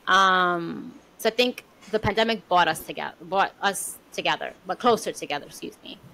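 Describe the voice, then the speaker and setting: A woman co-hosting a podcast, talking in a reflective, casual way with many pauses and fillers. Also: lowish voice, bright, forceful tone, poor audio. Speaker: podcast co-host. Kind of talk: casual conversation.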